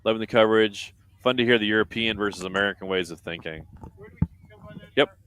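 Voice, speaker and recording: Chatty male race commentator, lowish voice. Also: fairly quick, a bit bright, clear, resonant tone. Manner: chatty, reads out standings and viewer comments. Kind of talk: live sports commentary. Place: commentary booth at an outdoor race event.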